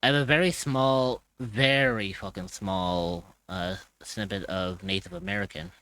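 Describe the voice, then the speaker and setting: A male streamer from Ireland with a deep-pitched, bright and forceful voice. He talks in a loose, casual way, peppering his chat with swearing and laughs. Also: steady tone, unhurried, no echo.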